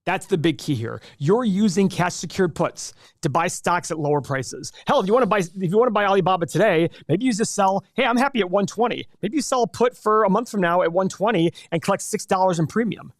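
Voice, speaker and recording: A fairly high-voiced man leads a live investing class, talking with energetic, animated enthusiasm. His voice is close and dry, with no room sound around it. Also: fairly quick, hardly any pauses, no echo. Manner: energetic, animated salesman pitch. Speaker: host teaching an investing class. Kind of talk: live webinar teaching.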